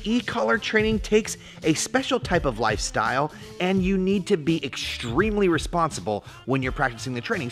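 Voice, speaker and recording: A man's voice: fairly high pitch, a bit bright. A young man giving a goofy, playful pet-product review vlog, breaking into silly voices. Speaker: vlogger.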